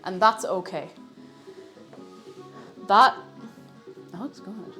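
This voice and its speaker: A woman's voice: medium pitch, very slow, sharp tone, soft background music. A woman streamer, chatting casually while cooking on a live stream, playful and often breaking off mid-sentence. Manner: chatty, self-interrupting, playful.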